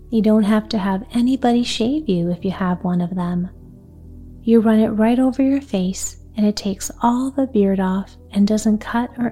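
A woman's voice: mid-range voice, dark tone. A woman reading aloud, voicing a practical little neighborhood girl who talks in a reasonable, coaxing way. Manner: reasonable, coaxing, quick talk.

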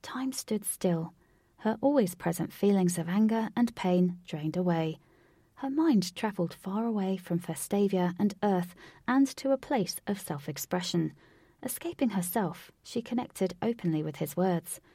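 A woman narrating a storybook in an unhurried way, sometimes dropping into a whisper. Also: medium pitch, animated, warm tone, husky, no echo, clean studio sound.

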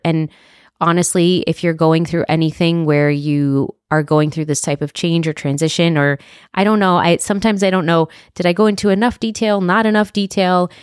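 A woman in her thirties hosting a solo podcast, talking earnestly and from the heart, with restarts and soft laughs. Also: lowish voice, smooth, no room sound, studio quality. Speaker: podcast host. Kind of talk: reflective solo podcast monologue.

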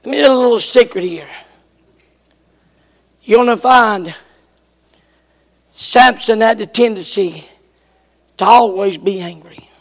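A male preacher reading scripture aloud and explaining it, with bursts of shouting. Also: sits high, takes it slowly, long pauses, big-room sound. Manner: reads scripture then explains it, rising to shouts. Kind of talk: sermon.

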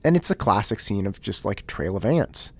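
A man in his thirties hosting a casual solo podcast, telling a story in an animated way with many restarts. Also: fairly low pitch, a little fast. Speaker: podcast host.

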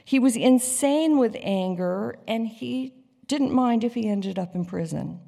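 A woman tells a dramatic story slowly and expressively. Her voice is husky with a gravelly edge, and a long hall reverb trails each phrase. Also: fairly high pitch, lively intonation, warm tone.

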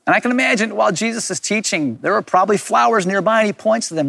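A man's voice: sits high, fast talker, creaky, few pauses, fairly bright tone, no echo, clean studio sound. A middle-aged man giving an earnest, reflective sermon as a pastor, repeating key words for emphasis. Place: recorded for online viewers.

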